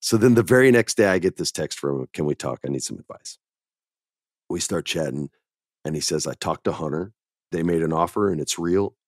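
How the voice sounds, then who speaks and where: A middle-aged man with a low, deep voice hosts a casual podcast chat. He tells stories with animated, emphatic delivery. The recording is dry and close. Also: brisk, dry recording. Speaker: podcast host.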